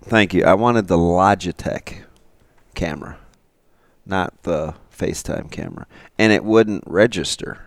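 A low-voiced man co-hosting a sports radio show, lively and quick to jump in. He reads passages aloud and trips over his words, and the sound is dry and close to the mic. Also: dry recording. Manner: animated, reads quotes aloud, stumbles and repeats. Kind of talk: casual sports talk.

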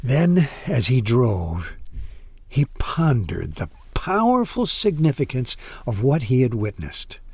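Slow, breathy male storyteller. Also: a little high, no echo. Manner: slow, expressive, dramatic pauses. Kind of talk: storytelling narration.

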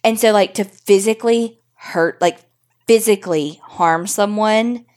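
A woman's voice: mid-range voice, measured pace, a little mellow. Chatty, swearing woman podcast co-host. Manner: chatty, emphatic, swears freely. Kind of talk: casual chat.

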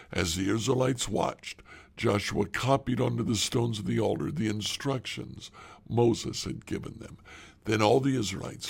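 A man reading a Bible passage aloud in a slow, measured way, sometimes dropping to a breathy near-whisper. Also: lowish voice, a little mellow. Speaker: scripture reader.

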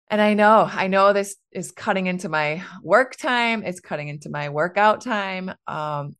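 Chatty, candid mom podcaster, low-pitched. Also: female voice, a bit bright, clean tone. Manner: chatty and candid, laughs often, fillers like "like" and "right". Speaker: podcast host. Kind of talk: casual solo podcast talk.

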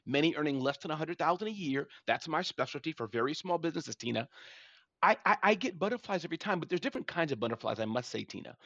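A man's voice: on the high side, a bit bright, no echo, highs cut off. A man in his forties hosting a live audio room, talking animatedly and saying the listener's name again and again. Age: 40s. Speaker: show host.

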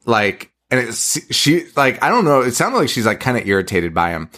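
A man's voice: lowish voice, animated, normal speed, fairly bright tone. A man co-hosting a horror podcast in casual chat, loose and profane, leaning on "like" and "um" as he retells behind-the-scenes stories. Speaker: podcast co-host.

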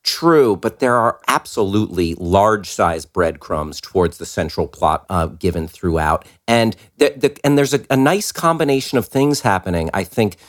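A man's voice: on the low side, lively intonation, moderate pace, few pauses. A man co-hosting a casual chat podcast, with a mock-indignant, theatrical way of talking. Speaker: podcast co-host.

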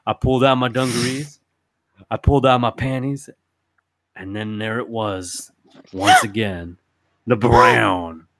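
A man telling a rambling comedy story in a gruff, ungrammatical, slangy way. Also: mid-range voice, fairly even intonation, slow, long pauses, fairly bright tone, no room sound, studio quality.

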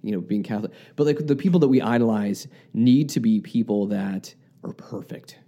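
A man's voice: fairly low pitch, a little fast, warm tone, lo-fi sound. A man from the United States co-hosting a podcast, earnestly reflecting in casual talk and often restarting his sentences. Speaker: podcast co-host.

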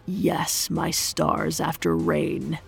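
A menacing male beast-god, as a woman narrator puts him on, brooding and sly. He speaks in slow, low, clipped lines with a gravelly edge. The voice stays close to the narrator's own low tone, in a storybook reading. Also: faint music behind, exaggerated voice.

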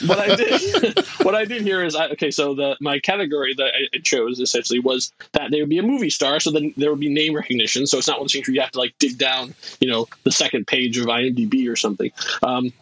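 A man co-hosting a casual movie podcast, talking in an animated way, laughing often and restarting his sentences. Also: mid-range voice, fast, slightly rough, no room sound, rough recording. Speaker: podcast co-host. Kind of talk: casual chat.

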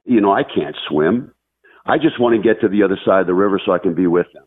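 A man's voice: deep voice, lively intonation, fast, husky. A man voicing a treacherous male scorpion in a told fable, coaxing and wheedling. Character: sly male scorpion, smooth-talking and treacherous. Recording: tinny phone-like line, faint music.

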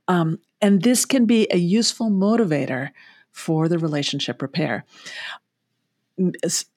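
A woman's voice: on the low side, moderate pace, darkish tone, no echo. Woman psychologist on a podcast, explains stuff with simple analogies, chuckles a lot, dry close sound. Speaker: child psychologist guest. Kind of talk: podcast interview.

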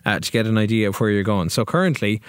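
A man's voice: on the low side, quick pace, clean tone, dry recording, studio quality. A man co-hosting a casual podcast, chatting and commentating on a football management game as he plays. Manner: commentates game events excitedly. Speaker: podcast co-host.

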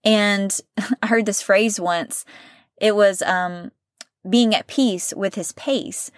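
A woman hosting a faith-based podcast, talking in an earnest, conversational way, often checking in with "right?" and sometimes slowing and softening as she gets emotional. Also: medium pitch, no echo, clean studio sound. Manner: earnest, conversational, with frequent "right?" and "you know". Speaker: podcast host.

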